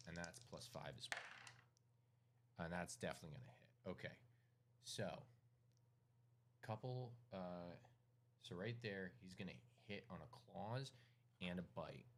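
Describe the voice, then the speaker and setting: Low-voiced man running a tabletop game. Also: background noise. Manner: casual, halting, with many fillers and throat-clearing. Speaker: game master.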